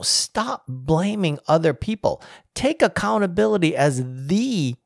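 A man's voice: creaky, no echo. Emphatic man giving dry-voiced commentary. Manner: emphatic, rises in pitch when making a point. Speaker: commentator on leadership. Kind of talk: casual commentary to camera.

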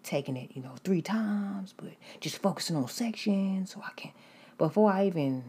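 A young adult woman casually telling a story to her viewers, animated and confiding, dropping into hushed asides. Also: low voice, vocal fry, husky.

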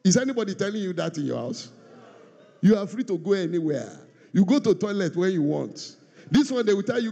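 A man preaching a sermon in a church hall, animated, swinging between shouts and quiet asides. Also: high-pitched, fairly quick, gravelly. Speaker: pastor. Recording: long reverb of a large hall.

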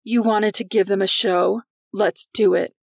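A bossy, scheming young woman who speaks forcefully and gives commands, as a narrator puts her on. Her voice has a gravelly edge, recorded dry and close. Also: medium pitch, steady tone, a little slow, no room sound. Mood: commanding.

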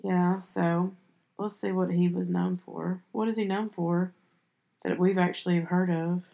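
A woman with a fairly low voice hosts a casual movie podcast. She talks in a rambling, chatty way and keeps restarting her sentences as she goes. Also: level tone, measured pace, vocal fry, mellow. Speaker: podcast host.

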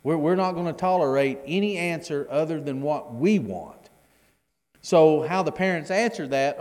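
A man's voice: on the high side, animated, normal speed, a little mellow, big-room sound. A middle-aged man teaching a Bible class in a conversational way, often repeating his words as he explains the reading. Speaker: preacher.

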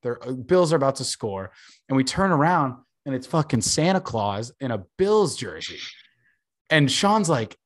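Animated young man telling stories. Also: medium pitch, normal speed. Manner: animated storyteller, swears freely, acts out quotes. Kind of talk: casual chat.

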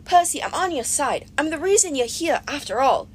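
A woman's voice: high-pitched, big pitch swings, fairly quick, slight background noise, pitched above the performer's own voice. Aphrodite, swooning vain goddess voiced by a woman. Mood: gushing. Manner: breathy, swooning, dramatic and doting. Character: vain, gushing goddess of love, adult woman. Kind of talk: audiobook reading.

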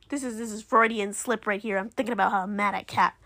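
A young woman recapping a TV episode in casual chat, animated and indignant, slipping into quick impressions of the characters. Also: mid-range voice, vocal fry. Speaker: show reviewer.

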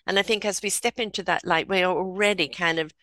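A woman's voice: lowish voice, fairly quick, pushed and bright, no room sound. A woman in casual conversation, talking in a reflective way and often acting out inner voices. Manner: reflective, uses pastry metaphors and acted inner voices.

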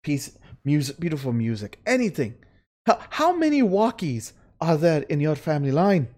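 A game master voicing a crude, scheming female fey courtier who makes a profane, persuasive sales pitch in a tabletop game. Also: very animated, moderate pace, mellow, close to an everyday voice. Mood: needling. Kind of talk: tabletop role-play.

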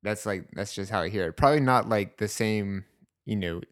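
A man co-hosting a casual book discussion, talking in a thoughtful, measured way. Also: on the low side, no echo, clean studio sound. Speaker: podcast co-host.

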